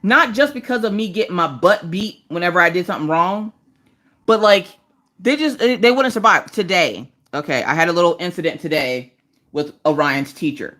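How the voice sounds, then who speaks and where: This thirty-something woman has a lowish voice and talks at a normal speed as she hosts a livestream from her couch. While crafting, she chats casually and tells vivid stories, voicing the people she quotes.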